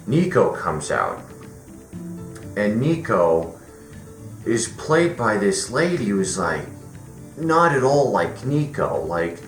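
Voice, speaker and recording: A man's voice: low-pitched, a bit bright. A man giving a casual, rambling movie review, full of fillers and restarts. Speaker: film reviewer. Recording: roomy echo with faint music.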